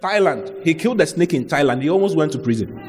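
A man preaching a lively sermon, mixing humor and acted-out quotes. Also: a little high, quick pace, big-room sound. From Ghana. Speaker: pastor.

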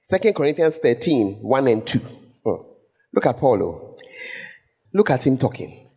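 Animated preacher in a hall. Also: male voice, medium pitch, measured pace, pauses often, slightly rough. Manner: animated, laughing, acts out quotes. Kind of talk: sermon. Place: church hall. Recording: echoey church hall.

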